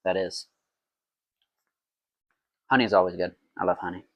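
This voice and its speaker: With a low, steady voice at a moderate pace, a man brews mead at home and rambles playfully to himself. The casual vlog is recorded dry.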